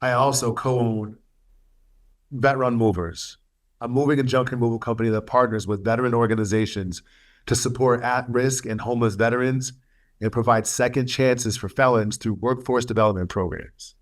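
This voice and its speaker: A man sharing his life story as a webinar speaker, earnest and emotional, with halting pauses and fillers. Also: medium pitch, fairly even intonation. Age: adult, studying for a master's. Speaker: webinar speaker, youth mentor.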